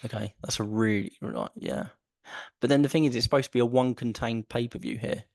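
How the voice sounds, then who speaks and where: A man's voice: medium pitch, brisk, gravelly, a little mellow, no echo, clean studio sound. A man co-hosting a casual podcast chat, enthusiastic and rambling, often repeating himself. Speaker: podcast co-host.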